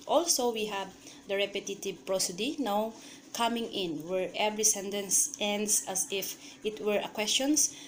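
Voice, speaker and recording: A woman's voice: medium pitch, a little hiss or hum. Woman reciting a speech with big vocal demonstrations. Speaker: student. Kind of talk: reciting a speech for a class activity.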